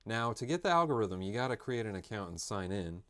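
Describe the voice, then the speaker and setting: Man, lowish voice, joking and rambling as he paints live on stream. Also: very animated, a little fast, a bit bright. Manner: rambling, joking, self-interrupting. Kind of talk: casual live-stream chat while painting.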